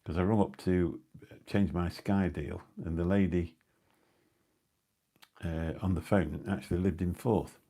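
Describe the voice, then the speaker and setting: Brief: middle-aged male live-streamer, deep husky voice, rambling anecdotes. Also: fairly even intonation, unhurried, long pauses, warm tone. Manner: rambling anecdotal storytelling with dry asides. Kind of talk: casual rambling chat. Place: indoors at home. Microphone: new phone or mic on a live stream.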